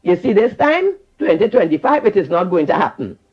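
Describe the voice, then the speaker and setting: A man's voice: high-pitched, sing-song, fairly quick, breathy edge. Fiery Trinidadian man calling in. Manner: fiery, repetitive, preachy. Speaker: caller. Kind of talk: call-in radio rant. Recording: dull phone line.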